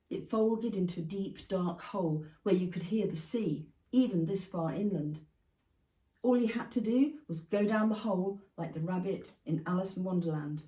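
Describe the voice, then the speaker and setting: Author reading, female, measured and expressive; low, dark tone, recorded from a distance in an echoey room. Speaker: prize-winning author reading her own memoir piece. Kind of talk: literary reading. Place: festival venue. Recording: roomy, from a distance.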